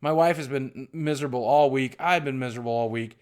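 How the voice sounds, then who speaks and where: A man's voice: medium pitch, fast talker, a little mellow, clear, resonant tone. A middle-aged man from southwestern Virginia, talking in a candid, rambling, self-deprecating vlog monologue with frequent restarts. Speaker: YouTuber.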